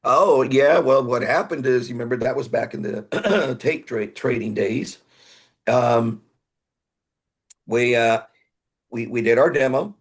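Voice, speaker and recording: A little slow and pausing often, this man has a husky, medium-pitched voice. He's a guest musician from Houston, Texas, rambling through stories on a podcast in casual interview fashion and sometimes voicing other people.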